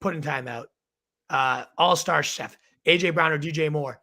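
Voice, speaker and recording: A young man hosting a live fantasy football advice show, firing off quick verdicts while losing his voice. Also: a little high, pushed and bright.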